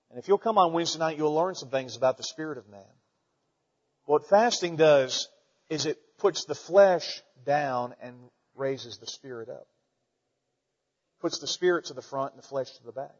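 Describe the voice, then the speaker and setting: A man preaching a sermon as pastor, folksy and animated, asking his listeners rhetorical questions. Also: on the high side, big-room sound, dull audio.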